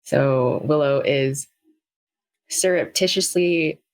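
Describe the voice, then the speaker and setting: Low-voiced woman narrating a tabletop game. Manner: halting, full of fillers. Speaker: player. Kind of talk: tabletop role-play narration.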